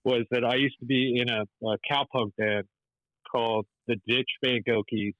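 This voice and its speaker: A man's voice: mid-range voice, fairly even intonation, moderate pace, fairly bright tone, no room sound, lo-fi sound. A man as a podcast guest, telling stories casually with lots of restarts and checks for agreement. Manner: rambling, many restarts and "right?" checks. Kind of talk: casual storytelling.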